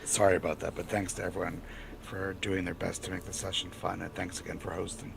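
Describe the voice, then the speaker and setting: A man player who is unwell, speaking quietly and in a subdued way after a game session. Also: low voice, flat delivery, brisk, vocal fry, noisy background. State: unwell, coughing. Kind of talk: casual chat.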